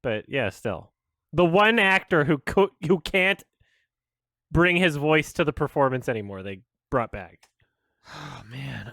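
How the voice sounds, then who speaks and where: Brief: male film critic streamer, high pitch, frustrated and swearing, laughing often, dry recording. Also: lively intonation, a little slow, vocal fry, fairly bright tone, dry recording. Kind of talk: ranting stream commentary.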